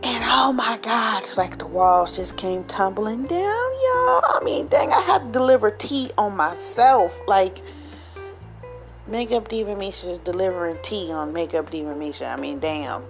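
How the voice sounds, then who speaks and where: A woman vlogger talking straight to her viewers in a casual, animated, slang-filled way, often tagging lines with "okay?". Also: medium pitch, moderate pace, faint music behind. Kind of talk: casual direct-to-camera chat.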